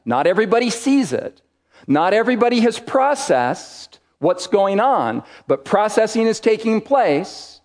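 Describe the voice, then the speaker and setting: A man preaching a sermon with a high, lively voice that rises and falls widely. He speaks slowly and emphatically, leaning on single words and pausing between phrases. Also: big-room sound. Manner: emphatic, deliberate preaching with dramatic pauses.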